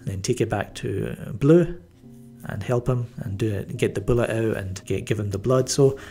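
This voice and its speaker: A man's voice: lowish voice, normal speed, creaky, warm tone, faint music behind. A man giving a casual spoken movie review, rambling with many fillers and restarts and a wry, mildly sarcastic edge. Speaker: film reviewer.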